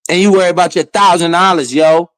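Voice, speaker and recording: Guy ranting on stream, aave, heckles a lot, kinda high voice, dry close mic. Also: fast talker, clean tone, dry recording. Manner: animated, heckling, swears and laughs often. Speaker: finance streamer. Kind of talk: casual commentary over a played clip.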